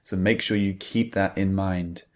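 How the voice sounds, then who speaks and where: A man teaching English grammar in a slow, clear scripted lesson. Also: low voice, steady tone.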